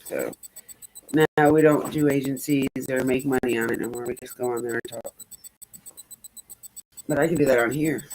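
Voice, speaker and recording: Low-voiced chatty woman. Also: fairly even intonation, normal speed, pauses often, a little mellow, a little hiss or hum, low-quality recording. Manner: chatty, rambling, swears casually. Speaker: streamer. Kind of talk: casual chat.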